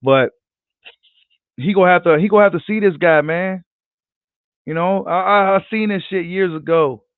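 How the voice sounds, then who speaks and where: Guy ranting on a boxing stream, cussing a lot, repeats himself, kinda high voice, tinny phone-ish audio. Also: normal speed, long pauses, dry recording. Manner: animated, profane, slangy, repeats himself. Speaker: boxing channel host. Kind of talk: casual livestream chat reading comments.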